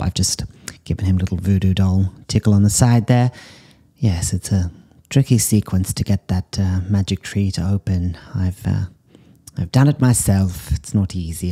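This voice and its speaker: A man puts on an eccentric middle-aged woman, a pet psychic, in a comedy sketch. Her voice is low, husky and mellow, and she drifts through odd animal readings in a breezy, deadpan way. She calls everyone darling. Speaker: host. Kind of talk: improvised character comedy monologue.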